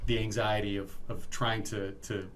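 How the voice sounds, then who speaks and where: Brief: middle-aged male co-host, bright tone, animated storyteller who acts out characters. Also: on the low side, normal speed, slight background noise. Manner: animated storyteller acting out customers and his boss. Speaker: podcast co-host. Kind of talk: casual storytelling chat.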